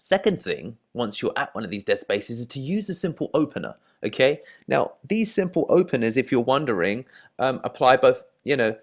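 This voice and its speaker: A man's voice: medium pitch, big pitch swings, normal speed. A man in his thirties with an English accent, a dating coach talking to camera in a loose, chatty way, often repeating words and tagging on "you know" and "right?". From England. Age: 30s. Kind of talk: casual advice talk to camera.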